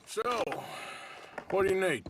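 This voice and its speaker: An actor playing a gruff, middle-aged male outlaw with dry, deadpan sarcasm, as video game dialogue. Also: high-pitched, takes it slowly, exaggerated voice. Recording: game audio with loud hoofbeat noise. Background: horse hooves and wagon sounds.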